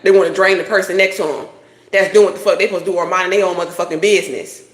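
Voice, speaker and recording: A woman's voice: lowish voice, fairly even intonation, rapid-fire, reverberant. A woman doing a casual tarot reading, talking bluntly with lots of swearing and preachy advice. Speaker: tarot reader.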